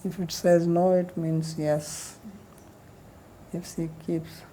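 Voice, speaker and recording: A woman teaching a lecture on a Sanskrit commentary, reading verses quickly and then explaining them in plain, conversational English. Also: on the low side, flat delivery, mellow. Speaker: teacher of scripture.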